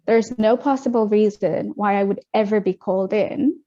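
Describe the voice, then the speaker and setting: A young adult woman recounts her story as an interview guest, fast and animated, slipping into the voices of the people she quotes. Her tone is dark and mellow. The audio sounds muffled and lo-fi. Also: mid-range voice. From Australia. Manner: animated, quick retelling with acted-out quotes. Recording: dull lo-fi audio.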